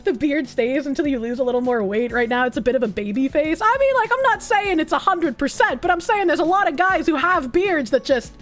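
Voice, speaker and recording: A woman streamer talks casually to her chat, crude and teasing, often breaking into laughter. Her voice sits high and moves with lively swings in pitch. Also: a little fast, few pauses, soft background music.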